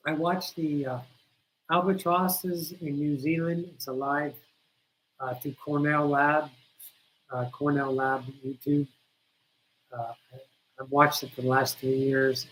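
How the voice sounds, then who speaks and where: A woman's voice: a bass voice, low-quality recording. A woman hosting a spiritual teaching livestream, talking to her viewers bluntly, swearing freely and driving points home with insistent repetition. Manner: blunt, profane, preachy.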